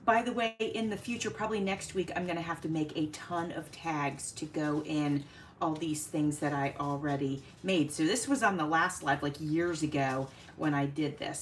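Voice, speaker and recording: A woman hosting a casual craft livestream, chatting warmly with viewers by name and laughing often as she works. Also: on the low side, a little hiss or hum.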